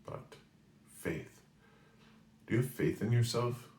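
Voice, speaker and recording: A medium-pitched, slow-paced man in his forties from New England, who works as a spiritual reader and hosts a weekly message, tells an animated story in monologue. He often checks in by asking "right?", and the space has a roomy echo.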